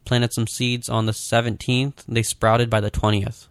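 Man, casual chat, laid-back, gravelly, dry close sound. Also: mid-range voice, flat delivery, moderate pace, no room sound. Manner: laid-back, says "like" often.

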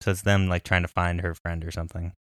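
A man co-hosting a casual podcast, easygoing, laughing often and thinking out loud. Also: sits low, level tone, fast talker, smooth, dry recording, studio quality. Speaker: podcast co-host. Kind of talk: casual chat.

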